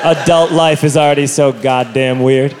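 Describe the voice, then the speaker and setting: A man doing a stand-up comedy routine on stage, telling a self-mocking story with loud outbursts into a handheld mic. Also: medium pitch, steady tone, moderate pace, music in the background, a crowd in the background. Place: comedy stage before an audience. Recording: live comedy show with audience laughter.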